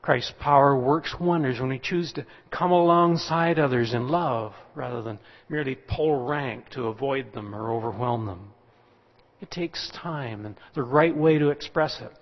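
A man giving a sermon in a plain, conversational way, often pausing on "uh" as he reads Bible passages and tells stories. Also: mid-range voice. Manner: plain, conversational preaching with frequent "uh" fillers. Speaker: pastor. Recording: dull, lo-fi sound with a long echo.

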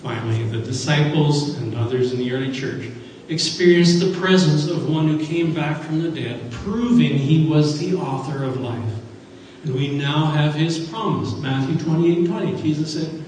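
A man preaching a sermon, lifting his voice with earnest emphasis on each scripture line. His fairly high voice comes from far off the mic. A large hall wraps it in long, roomy echo. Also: normal speed, a little mellow, slight background noise. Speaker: pastor. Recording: echoey hall from a distance.

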